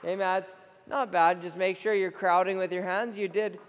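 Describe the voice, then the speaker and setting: A young man coaching a goalie on the ice, energetic and playfully teasing between drills, recorded in an indoor rink. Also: sits high, normal speed. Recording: echoey rink with faint noise.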